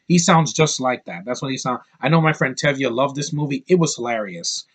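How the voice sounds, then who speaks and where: A man's voice: mid-range voice, a little fast, hardly any pauses, slightly rough. Guy rambling his movie review into the camera, lots of ums and restarts, super opinionated. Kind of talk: casual talk-to-camera review. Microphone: camera mic, close to camera.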